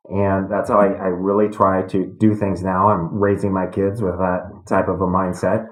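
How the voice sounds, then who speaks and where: Man, middle-aged, low voice, calm and measured, roomy echo. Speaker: guest, retired fighter. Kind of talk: storytelling in a podcast interview. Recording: echoey room.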